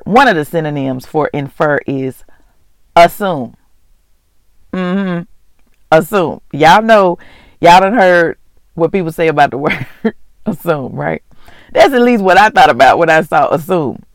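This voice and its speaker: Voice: medium pitch, animated, unhurried, pauses often, no room sound. A host of a faith vlog and podcast, talking casually and earnestly to listeners, chatty and often laughing. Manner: earnest and heartfelt, often moved to tears. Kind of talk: casual devotional talk.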